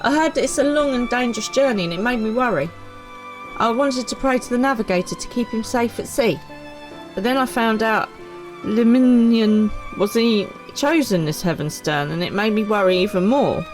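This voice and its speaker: A woman reads a worried young girl from a game. The voice is earnest and anxious, with a lively, swooping pitch, as if reading a storybook aloud. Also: normal speed, soft background music, lightly acted, low-quality recording. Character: worried young girl fretting over her father.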